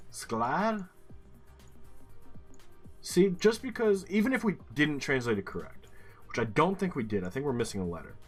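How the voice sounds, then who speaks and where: Slow-talking man puzzling aloud over a game. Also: on the high side. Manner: muttering, puzzling things out, casual swearing. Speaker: gaming streamer. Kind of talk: thinking-aloud game commentary.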